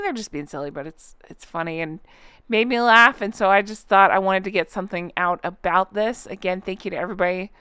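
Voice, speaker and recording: A woman's voice: mid-range voice, fairly bright tone, smooth, no echo, clean studio sound. A woman hosting a reaction channel, chatting to viewers with a giggly, casual manner and lots of fillers.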